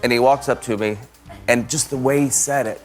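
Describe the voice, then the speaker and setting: A man telling a casual anecdote as a talk show guest, halting and laughing as he goes. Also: medium pitch, fairly even intonation, music in the background.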